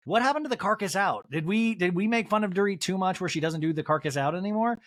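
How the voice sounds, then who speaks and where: A man's voice: high-pitched, expressive, fast, a bit bright, no room sound, studio quality. A man hosting a podcast, recapping reality TV with snarky, joking asides. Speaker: podcast host. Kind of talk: comedic TV recap.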